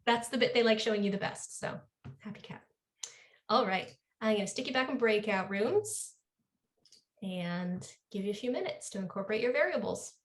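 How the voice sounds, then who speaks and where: A woman's voice: mid-range voice, lively intonation, moderate pace. A woman leading an online coding workshop over a video call, upbeat and encouraging. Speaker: workshop instructor.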